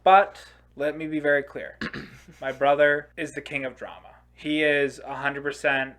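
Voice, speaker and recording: A man co-hosting a podcast, chatting casually and telling an animated, sweary story. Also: on the high side, a little slow. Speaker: podcast co-host. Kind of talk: casual chat.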